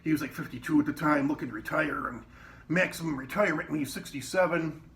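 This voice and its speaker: A man's voice: fairly high pitch, fast talker, a bit bright. A man telling rambling, profane stories about his old kitchen job in a casual way. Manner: rambling, quotes people in raised voices, swears often. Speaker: former cook telling work stories. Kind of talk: casual storytelling. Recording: distant mic with faint background noise.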